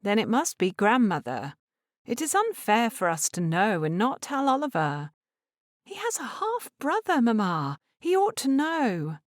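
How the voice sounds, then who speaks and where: A woman's voice: on the high side, sing-song, unhurried, no echo, clean studio sound, voice pushed up. A woman voicing an earnest young Regency lady. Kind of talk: audiobook character reading.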